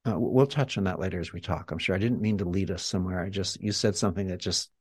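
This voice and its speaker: A man's voice: sits low, quick pace, a little mellow, slightly rough, no room sound. A man, a healer and guest, talking reflectively and guiding the listener through an exercise in a teacherly way. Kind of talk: reflective interview talk.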